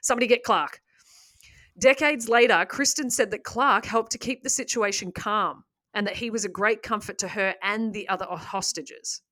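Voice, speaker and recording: A woman's voice: medium pitch, moderate pace, hardly any pauses. Woman telling a story on a podcast. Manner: lively retelling with asides and laughs. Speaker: podcast host.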